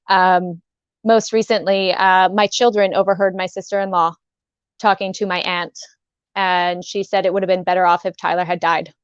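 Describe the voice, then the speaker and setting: A woman guest on a talk show telling a painful personal story, halting and emotional, with many restarts. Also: fairly low pitch, flat delivery, clear, resonant tone, no room sound. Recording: dull dry sound.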